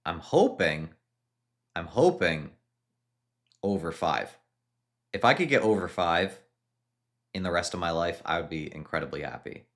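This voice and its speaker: A man in his thirties streaming casually and reading viewer questions aloud. He answers in a relaxed, hesitant way with frequent restarts. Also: deep voice, measured pace, pauses often. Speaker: fitness streamer answering live chat. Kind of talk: casual live-stream chat.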